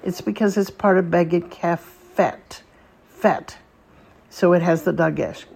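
A woman teaching a language lesson, patient and deliberate, repeating each word slowly for learners. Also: lowish voice, fairly even intonation, vocal fry, darkish tone, breathy edge. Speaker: Hebrew teacher. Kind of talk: slow spoken lesson.

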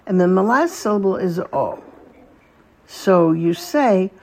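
A woman teaching a language lesson, patient and deliberate, repeating each word slowly for learners. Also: lowish voice, gravelly, a little mellow, husky. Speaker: Hebrew teacher. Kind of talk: slow spoken lesson.

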